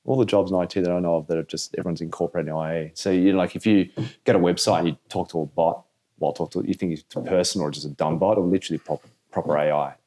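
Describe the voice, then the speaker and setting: Deep, mellow-voiced man chatting. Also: fairly even intonation, fast talker. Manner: speculative, explains at length. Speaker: podcast co-host. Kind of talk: casual chat.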